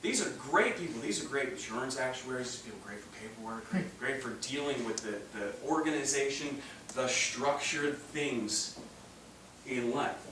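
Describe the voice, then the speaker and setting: Male seminar speaker, animated and joking, far from the mic in a very echoey room with noise. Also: medium pitch, moderate pace. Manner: animated, joking, acts out voices with laughs. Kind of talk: live seminar talk. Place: large room with live audience.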